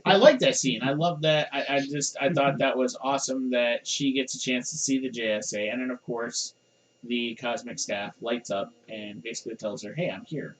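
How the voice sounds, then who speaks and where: A man's voice: mid-range voice, normal speed, low-quality recording. Middle-aged guy rambling on a podcast, chatty, lots of uhs and you knows. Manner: rambling, animated, chuckles often. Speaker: podcast host. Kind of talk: casual chat.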